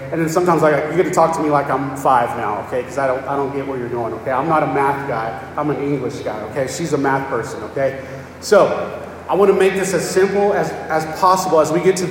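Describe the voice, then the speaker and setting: A man's voice: high-pitched, a little hiss or hum. A man preaching a sermon in a plain, conversational way, often checking in with the congregation. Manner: plain-spoken, repeats "okay?" to check on listeners. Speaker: pastor. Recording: echoey hall, voice from far off.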